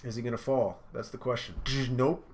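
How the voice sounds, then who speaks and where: Excitable man narrating a comic reaction. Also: medium pitch, moderate pace, slight background noise. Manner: excitable, with sound effects and fillers. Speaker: manga reaction host. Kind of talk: casual play-by-play reaction.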